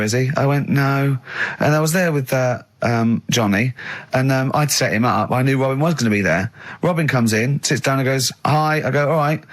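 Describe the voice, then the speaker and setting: A man hosting a comic radio show, telling animated stories and mimicking his friends in studio banter. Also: medium pitch. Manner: animated storytelling, mimics friends, laughs a lot. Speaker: radio host.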